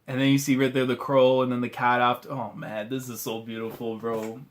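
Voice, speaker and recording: A man's voice: mid-range voice, flat delivery, fairly quick. A young man hosting a live manga reaction, talking emotionally and casually, often pleading and repeating "man" and "bro".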